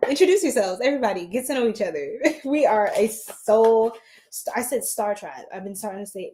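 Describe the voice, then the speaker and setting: A woman's voice: mid-range voice, expressive, brisk, dark tone, a little hiss or hum. Female tarot streamer, late at night; tired, scattered, giggly, chats with viewers nonstop. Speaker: tarot reader livestreaming.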